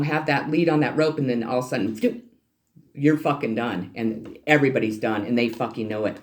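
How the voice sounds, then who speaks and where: A tarot reader talking to a channel's viewers, ranting in a heated, profane and preachy way and calling out to them as people. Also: medium pitch. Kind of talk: ranting spiritual card reading for a channel.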